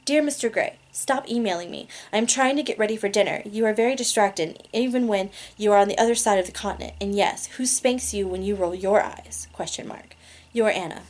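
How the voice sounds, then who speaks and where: A woman's voice: mid-range voice, fairly quick, darkish tone. A woman reading a romance novel aloud in a casual amateur way, laughing at her own slips. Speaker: reader.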